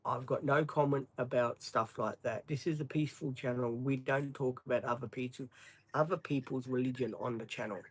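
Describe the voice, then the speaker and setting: A man's voice: medium pitch, steady tone, brisk, husky, rough recording. An Australian man hosting a livestream, chatting casually, apologetic and rambling with many ums. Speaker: livestream host. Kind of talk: casual live-stream chat.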